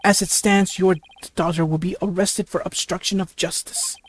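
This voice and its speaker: A reader voicing a cold, scheming male prosecutor in a let's play, speaking with low, measured menace and stumbling over the words. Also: fairly even intonation, close to an everyday voice. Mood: menacing. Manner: stammers over the lines. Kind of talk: let's play dialogue reading.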